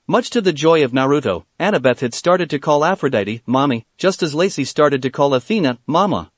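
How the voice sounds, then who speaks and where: A man reading a fan fiction story aloud, his voice rising and falling with lively expression. He sits a little high for a man, and the recording is dry and close with no room sound. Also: fairly quick, few pauses, no echo. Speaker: narrator.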